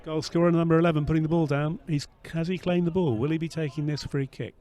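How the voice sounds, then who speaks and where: A man's voice: on the high side, steady tone, quick pace, mellow, slight background noise. A man co-hosting outdoors at a football ground, giving good-humoured, self-deprecating live commentary on the play. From England. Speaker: podcast co-host. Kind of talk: casual live match commentary.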